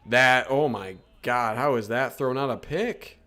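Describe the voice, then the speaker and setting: A young man casually breaking down football film live, reacting with quick exclamations as plays unfold. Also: medium pitch, pushed and bright. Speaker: podcast co-host.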